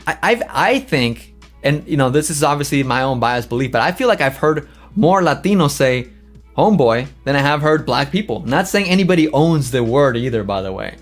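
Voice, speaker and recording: A man's voice: medium pitch, expressive, normal speed, soft background music. A man from Los Angeles hosting his own channel, animatedly reading comments aloud and answering them with sass. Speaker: channel host. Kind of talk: livestream commentary.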